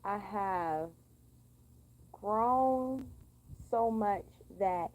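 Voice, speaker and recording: A woman's voice: mid-range voice, very slow, low-quality recording. A young woman venting in a blunt, profane, sassy monologue for her vlog. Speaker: vlogger.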